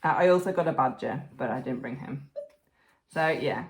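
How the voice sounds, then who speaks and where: A woman co-hosting a crafting podcast in casual, rambling chat, excitable and quick to swear. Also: rumbling low. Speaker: podcast co-host.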